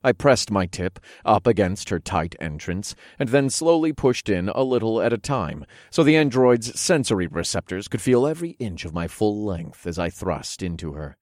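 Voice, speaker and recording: A man narrating an erotic story in the first person, in a low, hushed, unhurried way, recorded close and dry. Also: big pitch swings, no echo.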